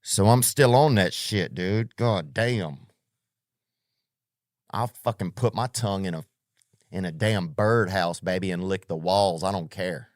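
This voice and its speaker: A podcast host riffs through a comedic monologue, rambling, swearing heavily and sounding keyed up. His low voice moves unhurriedly, and the recording is dry with a clean studio sound.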